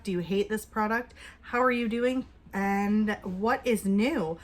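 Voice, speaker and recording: Woman beauty vlogger at home, chatty and upbeat, middle pitch, drops to hushed asides while applying. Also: a little hiss or hum. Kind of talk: casual makeup review.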